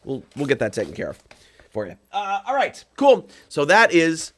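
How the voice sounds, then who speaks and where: A man casually chatting with viewers on his live stream, rambling with many fillers and breaking into comic songs in a rough voice. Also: a little high, wildly swooping pitch, moderate pace, a bit bright. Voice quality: rough singing voice. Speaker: comedy musician hosting a live stream.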